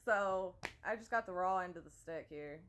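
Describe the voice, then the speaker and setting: A woman's voice: lowish voice, normal speed, fairly bright tone. Chatty, giggly American woman vlogger. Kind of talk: casual chat.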